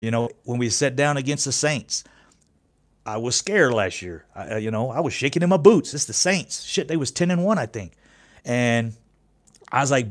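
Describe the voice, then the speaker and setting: A man's voice: medium pitch, expressive, moderate pace. A man about fifty hosting his own sports fan channel, talking casually in a rambling, profane way, often restarting his sentences. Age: 50s. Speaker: YouTube sports channel host.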